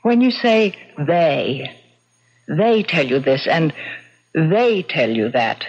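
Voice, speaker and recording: A woman's voice: low-pitched, big pitch swings, takes it slowly, breathy edge, exaggerated voice. An actress playing a lonely widow who dotes on her ghost husband, in old-time radio drama style. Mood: doting. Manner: gushing, pleading, doting. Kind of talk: 1940s radio acting. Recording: muffled old radio broadcast.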